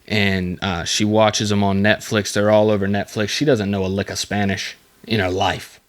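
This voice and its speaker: A man's voice: on the low side, flat delivery. Rambling, jokey man hosting a podcast. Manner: reads facts aloud, then breaks off into rambling jokey asides; halting, with many fillers and restarts. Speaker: podcast host. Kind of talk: casual solo podcast.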